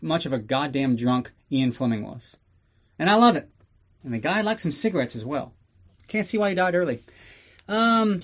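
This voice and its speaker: A man hosting a podcast, giving a casual, sarcastic and profane recap of a movie. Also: mid-range voice. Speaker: podcast host.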